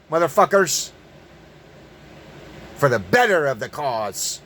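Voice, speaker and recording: A man's voice: fairly low pitch, moderate pace, a little hiss or hum. A man delivering an angry, profane monologue, emphatic and prone to repeating words in bursts. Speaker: online commentator. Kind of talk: ranting monologue.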